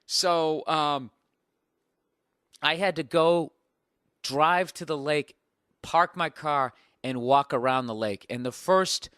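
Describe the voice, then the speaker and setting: A man's voice: medium pitch, smooth, no room sound, clean studio sound. A man in his forties telling a comic story on his podcast, cursing freely and acting out both sides of an argument. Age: 40s. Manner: profane, animated rant with acted-out quotes. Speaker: podcast host. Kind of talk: casual comedic storytelling.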